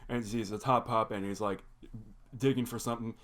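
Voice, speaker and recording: A man's voice: fairly low pitch, steady tone, brisk, a bit bright. A young man casually recapping a cartoon episode, rambling and filling his talk with "like". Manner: rambling, heavy use of "like" fillers. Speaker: reaction video host.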